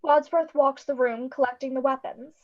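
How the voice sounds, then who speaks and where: A woman with a high voice reads stage directions briskly and a little wryly. The sound is dull and lo-fi, like video call audio. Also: fairly even intonation. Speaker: narrator.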